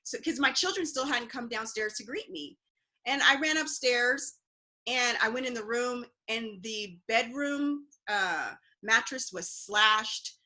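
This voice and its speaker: A woman's voice: on the high side, unhurried, bright, forceful tone. A woman, an interview guest, earnestly recounting a personal story with fillers and restarts.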